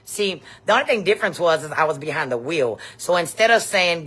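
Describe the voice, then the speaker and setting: A woman, telling a story in a blunt, profane, animated vlog rant. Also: on the low side, fast talker, few pauses. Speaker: vlogger.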